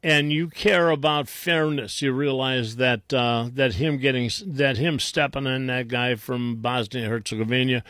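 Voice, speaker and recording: An older man giving a casual opinion monologue, rambling and halting with many fillers and restarts. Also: mid-range voice, steady tone, a bit bright, no echo, clean studio sound. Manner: mocking whiny voices when quoting others. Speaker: political commentator.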